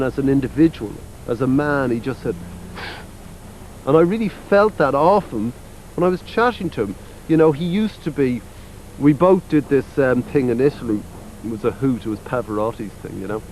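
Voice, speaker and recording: An Irish man in his forties, speaking at an ordinary mid pitch, rambles through a casual interview. He is blunt and profane and fills every gap with "you know". A faint hiss sits under his voice. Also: darkish tone, poor audio. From Ireland. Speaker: interviewee, musician.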